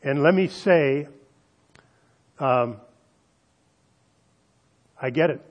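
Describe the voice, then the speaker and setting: A male pastor delivering a sermon, slowing down to stress key phrases and speaking directly to the congregation. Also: a little high, lo-fi sound. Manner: emphatic preaching with slowed, stressed phrases and audience asides.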